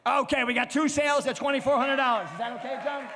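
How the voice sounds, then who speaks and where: A man running a charity auction at a gala, calling bids rapidly and cracking jokes at the crowd. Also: very high voice, fairly even intonation. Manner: rapid, joking, calls bids out loud. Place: gala event venue, indoors. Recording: reverberant event space, faint background noise.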